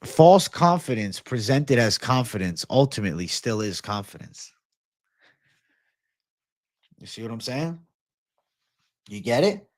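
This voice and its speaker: Young male MMA stream host, laid-back bro talk with profane outbursts, mid pitch, dead-dry room. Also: lively intonation, unhurried, long pauses, darkish tone, no room sound. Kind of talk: casual livestream chat reading comments.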